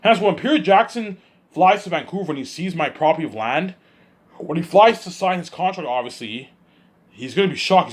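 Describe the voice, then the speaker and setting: Husky guy rambling fast, lotsa restarts, voice jumps up n down. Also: on the high side, animated. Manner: repetitive, restarts sentences, daydreaming aloud. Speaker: vlogger. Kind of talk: rambling solo monologue.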